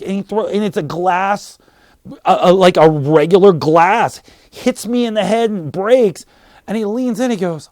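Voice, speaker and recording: Wrestler, animated interview anecdote, high pitched, dry recording. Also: male voice, normal speed, no room sound. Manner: animated, acts out quotes.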